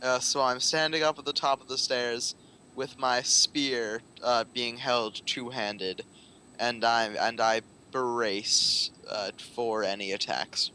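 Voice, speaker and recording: A man playing a tabletop game, describing his character's moves in a halting, joking way with lots of fillers. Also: medium pitch, fairly even intonation, sharp tone, a little hiss or hum, poor audio. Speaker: player. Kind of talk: casual tabletop game chat.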